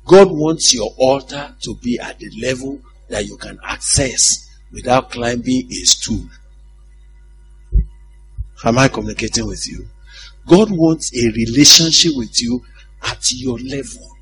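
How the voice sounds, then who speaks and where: A man preaching a sermon in an animated, humorous way, often asking the congregation if they follow him. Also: mid-range voice, measured pace, faint music behind, low-quality recording.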